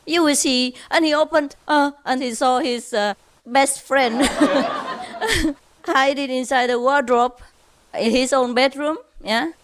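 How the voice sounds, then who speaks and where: Slow, chuckling woman telling jokes. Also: high voice, slight background noise. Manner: unhurried, chuckling, checks with listeners. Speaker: speaker telling jokes to an audience. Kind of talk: casual storytelling.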